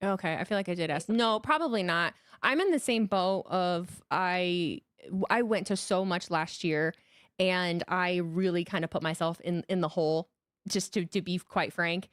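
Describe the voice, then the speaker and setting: A woman's voice: lowish voice, moderate pace, no room sound, studio quality. Blunt, swearing woman podcast co-host. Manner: blunt, profane, gives advice in steps. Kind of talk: casual podcast chat.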